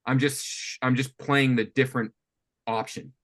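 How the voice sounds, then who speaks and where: A man coaching a student on writing guitar riffs, thinking aloud with lots of restarts and animated talk. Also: mid-range voice, moderate pace. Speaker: music coach. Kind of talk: teaching songwriting on a call. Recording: faint guitar music behind.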